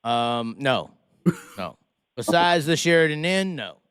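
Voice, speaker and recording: A man's voice: mid-range voice, animated, slow, a bit bright, clean tone. A man hosting a podcast in casual chat, rowdy and swearing in jest with his guests. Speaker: podcast host.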